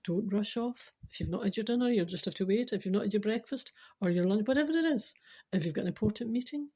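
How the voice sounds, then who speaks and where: Husky Scottish woman telling funny stories. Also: mid-range voice, mellow. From Scotland. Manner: chatty, repeats herself, laughs at her own stories. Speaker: podcast host. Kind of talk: chatty comic storytelling monologue.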